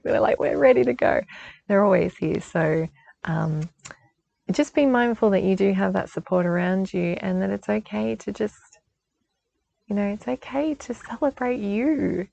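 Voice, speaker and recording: A woman's voice: on the low side, vocal fry, a little mellow, low-quality recording. A woman giving a chatty spiritual guidance talk outdoors, reassuring and laughing often. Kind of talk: casual spiritual forecast talk.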